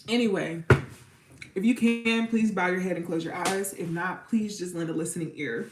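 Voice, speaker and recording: A woman tarot reader talks to her viewers in a loose, chatty way and often repeats her words. Her voice sits a bit low, and the room gives it a noticeable echo. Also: moderate pace, slight background noise. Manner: warm, chatty, repeats herself, near tears at times. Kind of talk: casual livestream chat and spoken prayer. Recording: roomy echo.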